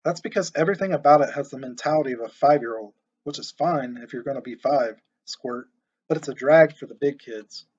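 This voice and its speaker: A man's voice: mid-range voice, fairly quick, darkish tone, breathy edge, lightly acted. A man voicing a sarcastic, bossy teenage girl in a storybook reading. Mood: dismissive. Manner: sarcastic, dismissive. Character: snarky teenage girl, bossy big sister. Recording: muffled lo-fi recording.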